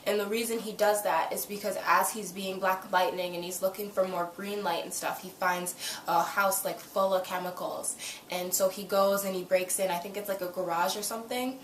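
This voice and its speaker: A woman's voice: mid-range voice, steady tone, moderate pace, fairly bright tone, far from the mic, a little hiss or hum. A young woman chatting casually as she recaps a TV episode, with lots of "like" and retold quotes. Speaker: TV review vlogger. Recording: roomy, a little off-mic.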